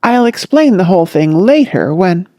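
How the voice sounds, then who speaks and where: A narrator voicing an excitable, dramatic young woman with a pleading manner. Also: medium pitch, normal speed, no echo, clean studio sound, lightly acted.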